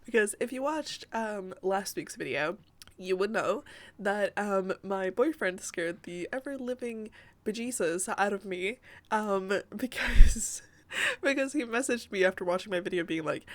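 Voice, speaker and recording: A woman's voice: medium pitch, lively intonation, unhurried. Young woman, chatty voice-over, giggly, rambling, recorded at home. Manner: giggly, rambling, many fillers. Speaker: Sims builder and YouTuber. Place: home room by day.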